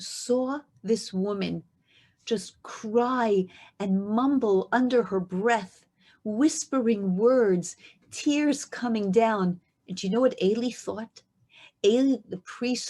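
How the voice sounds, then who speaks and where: A woman's voice: mid-range voice, dark tone. A woman giving an inspirational Torah lesson, telling a scripture story with emphatic rhetorical questions. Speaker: speaker at a women's learning event.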